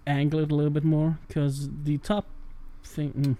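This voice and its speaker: Male podcast co-host, light-pitched, crude, teasing, opinionated. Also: completely flat delivery, moderate pace, warm tone, smooth. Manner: crude, teasing, critiques art. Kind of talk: casual comic chat.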